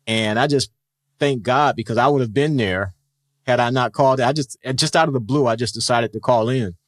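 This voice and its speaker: A man's voice: medium pitch, moderate pace, dry recording, clean studio sound. A middle-aged man, a retired police officer, telling stories in a casual interview and acting out the voices in them. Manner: animated storyteller who acts out quoted dialogue.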